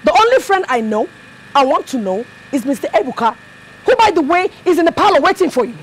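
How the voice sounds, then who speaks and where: A woman's voice: high-pitched, very animated, quick pace, slight background noise. A woman playing a stern, sarcastic mother. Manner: scolding, sarcastic. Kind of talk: film drama acting.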